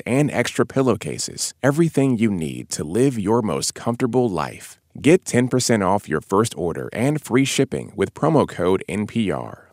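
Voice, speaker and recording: Lively male sponsor announcer. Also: fairly low pitch, no room sound, clean studio sound. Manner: smooth, polished ad read. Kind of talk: read sponsor message.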